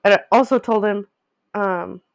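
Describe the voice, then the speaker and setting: A woman's voice: medium pitch, steady tone, a little slow, vocal fry. A young woman co-hosting a casual chat podcast, frank and blunt, swearing freely as she talks. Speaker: podcast co-host.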